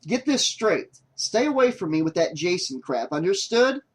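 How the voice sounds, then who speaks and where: A man's voice: sits high, big pitch swings, normal speed. Guy reading a blunt bitter survivor dude, hostile, plain male voice. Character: bitter man who survived a killer, guarded. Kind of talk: audiobook character voice.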